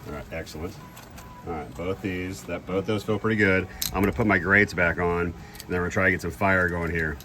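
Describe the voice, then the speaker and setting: A man's voice: low voice, steady tone, brisk, noisy background. A man in a casual cooking vlog, chatty and self-deprecating, thinking aloud as he grills outdoors. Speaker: home cook.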